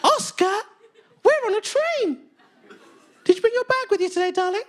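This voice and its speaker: A man's voice: very high-pitched, lively intonation, normal speed, voice pushed up. A man voicing a showy parent who talks to a toddler in a sweet, sing-song tone. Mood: sugary sing-song. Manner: sing-song, overly sweet baby talk. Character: gushing performative parent talking to toddler.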